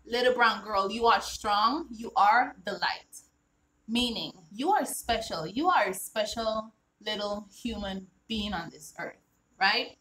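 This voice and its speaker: A woman's voice: medium pitch, slow pace, fairly bright tone, low-quality recording. A woman author talking casually on her vlog, reading lines from her own children's book aloud and explaining each one in an earnest way, often checking in with "all right?".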